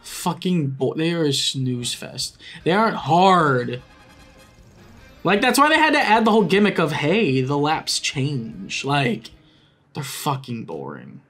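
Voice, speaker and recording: A young man giving excitable, profane live commentary while racing in a kart game, often yelling at it. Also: a little high, a little slow, faint music behind. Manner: excitable, swears a lot, yells at the game. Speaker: gaming YouTuber.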